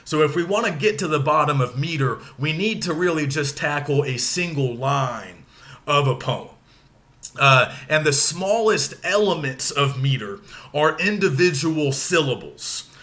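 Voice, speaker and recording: A man giving a recorded lecture, with a bright voice that sits a little high. He explains step by step in a relaxed, casual way, with the odd filler. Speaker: teacher.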